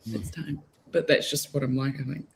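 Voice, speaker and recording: A woman's voice: a bass voice, flat delivery, fast, creaky. A woman chatting casually and giggling, letting her sentences trail away. Faint noise sits behind her on the call. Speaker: actor on a panel. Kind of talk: casual panel answer.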